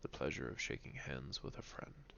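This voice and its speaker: A man voicing a grinning, fawning neighbor tailor in a read-aloud novel, loud and chummy. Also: very deep voice, sing-song, normal speed, creaky, lo-fi sound, slight background noise, pitched below the performer's own voice, heavily acted.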